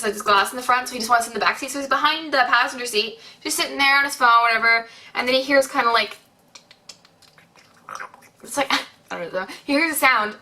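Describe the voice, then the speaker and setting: A young woman telling a rambling story on her vlog, acting out what people said, with lots of fillers. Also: on the high side. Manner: rambling, animated retelling with many fillers and acted-out quotes. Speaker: beauty vlogger.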